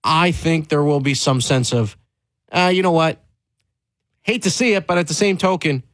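A man's voice: a little high, normal speed, dry recording, low-quality recording. A man hosting a sports talk show, speaking emphatically and candidly, pressing his points with rising stress and frequent restarts.

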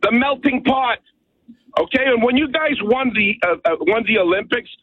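A man from Montreal rants on a call-in show over a tinny telephone line. His voice is high and husky, and it sounds dry and close. He talks emphatically, rambles and keeps asking "okay?". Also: animated, normal speed, no echo. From Montreal, Canada. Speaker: caller. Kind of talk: call-in radio rant.

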